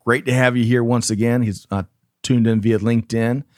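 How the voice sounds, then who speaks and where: A man's voice: mid-range voice, fairly even intonation, moderate pace, a little mellow, no echo, studio quality. A man co-hosting a casual talk show, upbeat, reading news points aloud and turning to his co-host. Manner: upbeat, reads story points aloud, stumbles on names. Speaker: podcast co-host.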